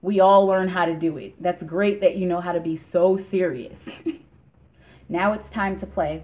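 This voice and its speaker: A woman's voice: fairly low pitch, fairly even intonation, a little slow. Chatty woman on tinny lo-fi audio. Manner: chatty and emphatic, laughs often. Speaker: tarot reader. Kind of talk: casual tarot reading vlog. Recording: tinny phone-like sound.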